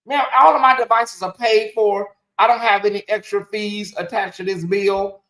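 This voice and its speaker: Woman, live-stream host, casual chat, animated rant, frequent laughter, middle pitch. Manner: animated, ranting, laughs often. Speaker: livestream host.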